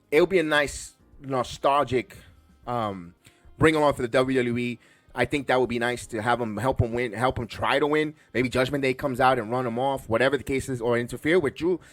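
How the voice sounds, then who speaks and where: Bronx guy hosting a wrestling podcast, talks fast and loose, keeps restarting, dry close sound, little music under. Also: mid-range voice, dry recording. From the Bronx, New York. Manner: rambling, excitable, many restarts. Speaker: podcast host. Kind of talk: casual wrestling show review.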